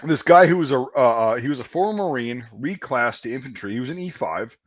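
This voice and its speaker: A podcast host tells a long army story in a casual, rambling, profane, self-deprecating way, laughing at himself. His mid-range voice is animated and a little fast. The recording is dry and muffled.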